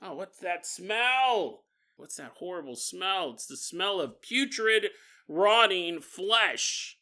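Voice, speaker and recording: A man's voice: high voice, animated, takes it slowly, sharp tone, pitched above the performer's own voice, heavily acted. A man voicing an ordinary, squeamish grown man who mutters to himself in exasperation, within a told story. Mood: disgusted.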